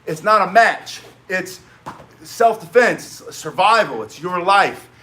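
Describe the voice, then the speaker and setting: A male self-defense instructor on a live stream, with a raised, sharp and bright voice. He talks emphatically to his viewers, hammering short phrases over and over. He often wanders off into quick asides. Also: high voice, lively intonation. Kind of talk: live-streamed training talk, chatting with viewers.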